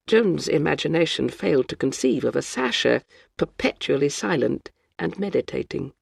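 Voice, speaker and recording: Gravelly audiobook narrator, measured reading. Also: mid-range voice, lively intonation, no room sound, clean studio sound. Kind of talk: scripted narration.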